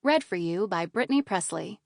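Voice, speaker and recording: A woman reading a first-person romantic comedy audiobook in a measured, lively way, on a close studio microphone. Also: fairly low pitch, gravelly, no echo. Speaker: audiobook narrator.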